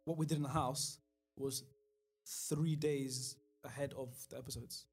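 A man's voice: mid-range voice, steady tone, measured pace, slightly rough. Laid-back young man. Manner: laid-back, trailing off, lots of yeahs. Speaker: podcast guest. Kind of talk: casual chat.

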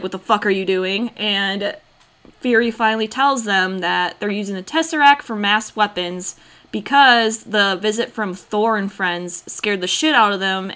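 A young woman with a bright, ringing voice talks loosely and fast. She swears often and acts out lines from the film she is recapping. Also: mid-range voice, smooth. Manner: swears freely, acts out quotes, laughs often. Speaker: podcast co-host recapping a film. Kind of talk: casual chat.

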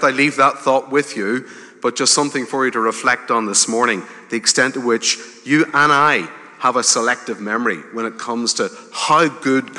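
A man preaching a sermon in a conversational way, with gentle humor and rising emphasis. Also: mid-range voice. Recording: hall reverb.

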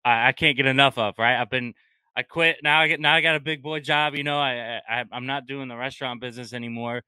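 A man chatting on a podcast as a guest, enthusiastic and full of restarts. His voice is bright and crisp, and the sound is dry and close. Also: medium pitch, steady tone, fast, no echo. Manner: enthusiastic, many restarts, says man a lot. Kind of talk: casual podcast chat.

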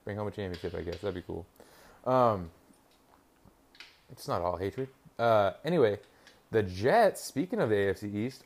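A young man with a lowish voice rambles casually to his listeners. He swears freely, trails off often, and breaks off to react to the football on TV. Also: animated, a little fast, creaky, darkish tone. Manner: rambling, profane, reacting to a game on TV. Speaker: podcast host. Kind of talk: casual solo chat.

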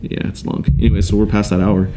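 A man's voice: on the low side, level tone, fast, warm tone, a little hiss or hum. A young man telling his life story on a podcast in a casual, rambling way, with many restarts and quoted voices.

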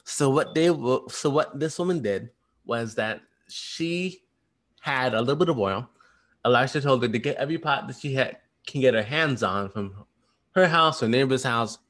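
A man walking through study questions in a fast, rambling, casual way, with lots of restarts. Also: mid-range voice, a bit bright. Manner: chatty, retells stories in slangy voices. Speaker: teacher. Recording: voice message.

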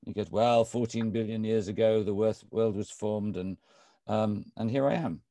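Contented primordial slime, voiced by a man in a spoken story, low and mellow. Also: normal speed, dry recording, natural voice. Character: cheerful primordial slime, a male blob.

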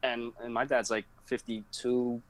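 A young man talks easily as a guest in a casual chat. His voice sits at a middle pitch, and his stories come out relaxed, with small laughs along the way. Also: measured pace, rough recording. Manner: easygoing, laughs while telling stories.

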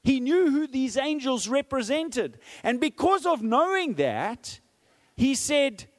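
Man in his 40s preaching, super animated, acts out every quote, keeps asking okay?. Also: extremely high pitch, slow pace, big-room sound. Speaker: pastor. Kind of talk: sermon.

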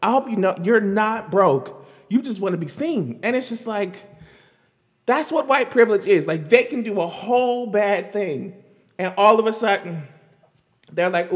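A man's voice: high-pitched, lively intonation, unhurried, long reverb tail. A man doing casual pop-culture commentary on a vlog, sarcastic and exasperated, often breaking into laughter. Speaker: commentary vlogger.

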